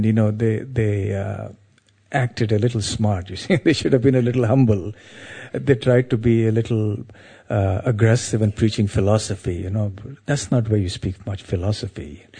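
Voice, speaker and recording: A man's voice: mid-range voice, warm tone, slightly rough. A man giving a devotional talk, telling a story in a meandering, anecdotal way with frequent asides.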